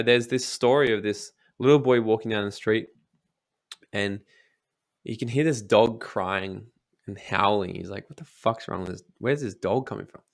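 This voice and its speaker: Emphatic young man giving motivational talk. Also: fairly low pitch. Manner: emphatic, swears casually, acts out quoted voices. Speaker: guest.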